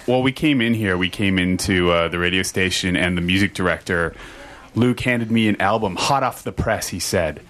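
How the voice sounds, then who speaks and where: A man's voice: low voice, moderate pace, a bit bright. A man co-hosting a radio show in the studio, rambling with fillers and teasing his co-hosts. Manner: rambling, fond of filler words. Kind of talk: casual studio banter.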